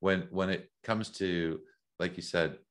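Very deep-voiced American man, measured. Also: fairly even intonation, a bit bright. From United States. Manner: thoughtful, measured, repeats words while thinking. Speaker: guest. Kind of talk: reflective interview talk.

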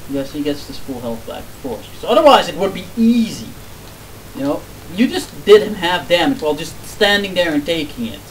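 A man's voice: on the high side, sing-song, brisk, distant mic, slight background noise, low-quality recording. A man playing a video game with a friend, teasing him, joking and swearing when he loses. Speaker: let's play commentator. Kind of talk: casual gaming banter.

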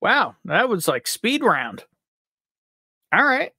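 Lively, upbeat man hosting a livestream. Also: high voice, slow pace, breathy edge, no room sound, studio quality. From upstate New York. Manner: upbeat, jokey, reads out chat names. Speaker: livestream host. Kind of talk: live chat greetings on a whiskey stream.

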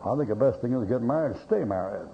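A male pastor delivers a sermon packed with folksy anecdotes and blunt jokes, acting out the voices in his stories. His voice sits at a middle pitch. The recording is dull and lo-fi, with a faint hiss underneath. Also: lively intonation, rapid-fire.

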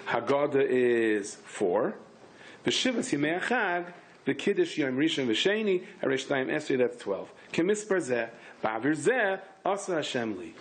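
A man, a rabbi, giving a lively Torah class in English mixed with Hebrew and Yiddish words, with sudden high, emphatic bursts. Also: a little slow.

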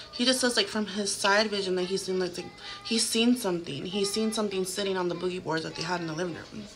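A vlogger in her thirties tells a haunting story to her phone camera at home, chatting casually and using "like" constantly. Her voice is mid-range with a fairly bright tone.

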